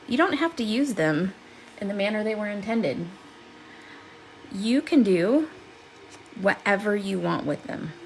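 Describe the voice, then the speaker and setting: A chatty, upbeat woman demonstrates a craft project live. She reads out viewer messages as she works and laughs easily. Her voice sits at a middle pitch. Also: creaky, slight background noise, poor audio. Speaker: crafting livestream host. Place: seated at a home craft desk.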